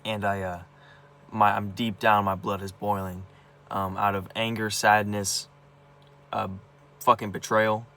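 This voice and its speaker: A man's voice: fairly low pitch, flat delivery, measured pace, long pauses, sharp tone. A young man venting about his family, upset and agitated, stumbling over his words with many restarts and repeated words, and swearing heavily. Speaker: vlogger. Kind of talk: personal venting monologue.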